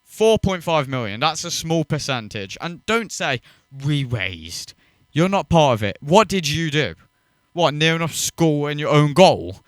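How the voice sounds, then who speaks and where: A man's voice: a little high, big pitch swings, moderate pace, no echo, clean studio sound. A man hosting a reaction video, mocking and swearing as he rants in scornful commentary.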